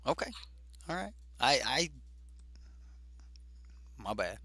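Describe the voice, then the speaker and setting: A man's voice: medium pitch, sing-song, slow pace, pushed and bright. A man hosting a card game stream, chatting casually and thinking aloud with fillers as he plays. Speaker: host.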